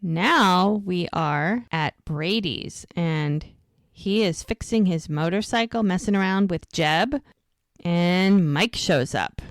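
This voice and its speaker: A woman's voice: on the low side, slow, dry recording. Chatty woman recapping a show, dry sound. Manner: retells scenes in long runs of "she goes" and "he's like"; chatty and gushing, with light laughs. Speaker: podcast co-host. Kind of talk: casual recap chat.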